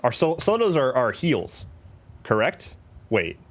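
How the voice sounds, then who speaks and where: A man's voice: medium pitch, very animated, a little slow. A man streaming live, chatting casually with a playful, rambling, jokey manner.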